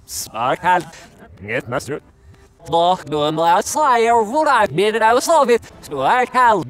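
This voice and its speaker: Excitable high-voiced gamer man. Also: measured pace. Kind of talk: excited gaming chatter.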